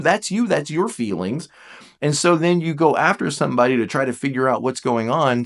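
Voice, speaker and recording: A man coaching on personality types, talking casually to his viewers, animated, mimicking them in playful voices and dropping to slow, quiet emphasis. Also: medium pitch. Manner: animated, jumps into playful mock voices of the listener; drops to slow, quiet emphasis on key points. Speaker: Enneagram coach. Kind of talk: casual talk to camera.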